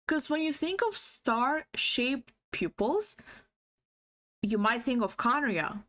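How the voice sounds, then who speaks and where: A woman's voice: high voice, very animated, slow pace, a bit bright. A woman streamer talking in a rambling, giggly way, swearing freely and filling her talk with fillers and restarts on a livestream with faulty audio. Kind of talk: casual livestream chat.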